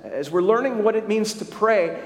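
High-voiced preacher in an echoey hall. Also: male voice, lively intonation, normal speed. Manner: storytelling preacher, speaks directly to the congregation with questions. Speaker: pastor. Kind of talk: sermon. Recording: echoey hall with long reverb.

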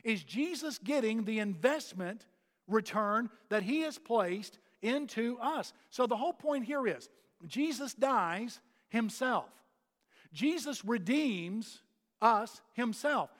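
A man's voice: extremely high pitch, expressive, slow pace, a bit bright, in a large hall. A man preaching a sermon as a pastor, earnest and emphatic, driving points home with repetition.

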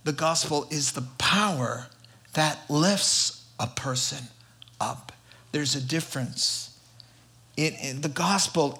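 A man preaches a sermon in a fairly high, bright and forceful voice. He tells a story with heavy emphasis and builds his points through repeated rhetorical lists. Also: takes it slowly.

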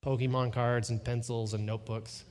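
A middle-aged man preaches a sermon in a voice of middling pitch. He tells a personal story and acts out the dialogue with energy. On the lines he wants to land, he slows down and drops his voice. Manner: storytelling with animated quoted dialogue. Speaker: pastor.

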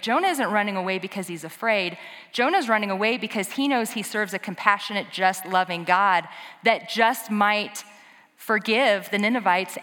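A woman giving a conversational sermon in a church, animated and quick with asides to the congregation. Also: mid-range voice. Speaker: preacher. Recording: long hall reverb.

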